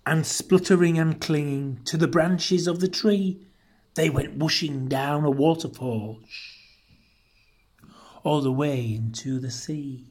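Slow breathy storybook reader. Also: medium pitch. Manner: expressive, lilting rhyming delivery. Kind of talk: storybook read-aloud.

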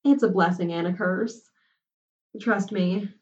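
A woman's voice: mid-range voice, takes it slowly, a little mellow, reverberant, far from the mic, lo-fi sound, close to an everyday voice. A woman voicing a shy, sheltered college girl. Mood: timid. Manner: timid and hesitant.

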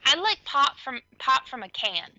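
A woman co-hosts a relaxed podcast chat. Her voice is sharp and very bright and sits a little high. She talks playfully, laughs readily and swears with ease, recorded close and dry. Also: normal speed, no echo, lo-fi sound. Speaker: podcast co-host. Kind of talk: casual chat.

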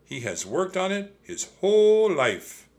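A man's voice: high-pitched, sing-song, a little slow, a little mellow, voice pushed up, exaggerated voice. A man voicing a kindly, formal monk showing visitors around, raised a little above his own voice. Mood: welcoming. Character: kindly adult male monk guide.

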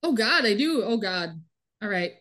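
A woman's voice: medium pitch, expressive, moderate pace, bright, forceful tone. A woman co-hosting a casual chat podcast, recapping a TV show with wry, sarcastic asides. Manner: wry, sarcastic, reads out lines with light voices.

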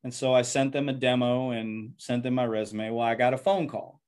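A man's voice: medium pitch, steady tone, moderate pace, a little mellow, smooth. A man who is a pastor, telling his life story in an earnest, reflective interview and often repeating words as he goes.

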